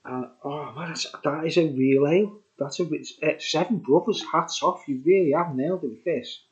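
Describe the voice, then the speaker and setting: A man's voice: a little high, normal speed. A man casually reviewing a beer on his vlog, chatty and enthusiastic, rambling with laughs. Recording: dull lo-fi recording.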